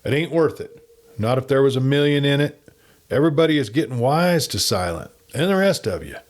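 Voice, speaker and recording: A man's voice: mid-range voice, expressive, brisk, voice pushed up, close to an everyday voice. A man voicing a nervous, frightened express office man who talks in anxious, urgent tones. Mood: fearful. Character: nervous male express clerk, fretful and scared.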